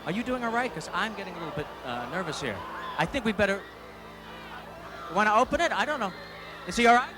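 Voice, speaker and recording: A man's voice: high-pitched, very animated, quick pace, a crowd in the background. A man hosting a live stage show, chatty and nervous, asking questions as he counts down the time. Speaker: show host. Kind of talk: live stage emcee patter.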